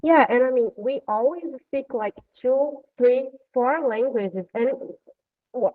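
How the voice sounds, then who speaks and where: A woman's voice: high-pitched, slow. A woman joining the session, casual and swearing for emphasis. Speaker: session participant. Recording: thin phone-like call audio.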